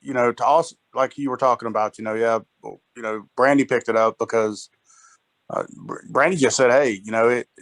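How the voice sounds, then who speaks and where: A man's voice: medium pitch, fairly even intonation, brisk, fairly bright tone, no echo, low-quality recording. A man on a sales team call, speaking in a rambling way full of fillers. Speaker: sales agent. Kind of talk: team call, casual chat.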